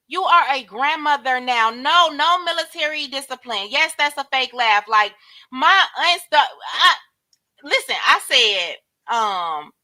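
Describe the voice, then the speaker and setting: A woman hosts a casual commentary stream with a high, bright voice. She is blunt and slangy and addresses her viewers directly. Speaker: host.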